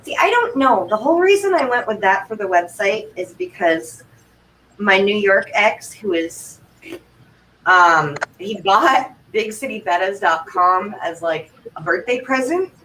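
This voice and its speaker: A woman from Vermont, a livestream guest, telling rambling stories in a chatty, animated way. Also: mid-range voice, a little slow. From Vermont, United States. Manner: chatty, rambling, breathless anecdotes with quoted asides. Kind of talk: casual chat, animated storytelling. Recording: distant mic, faint background noise.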